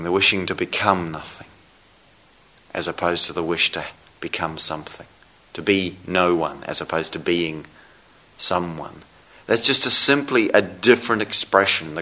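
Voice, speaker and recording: A man giving a dharma talk as a meditation teacher, speaking slowly and reflectively with long pauses. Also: low voice, sharp tone. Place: meditation hall.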